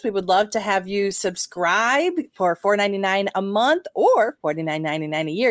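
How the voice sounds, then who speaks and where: A woman's voice: medium pitch, no room sound. Dry-voiced woman co-host wrapping up. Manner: reacting briefly, then reading sponsor plugs. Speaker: podcast co-host. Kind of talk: casual chat and show outro.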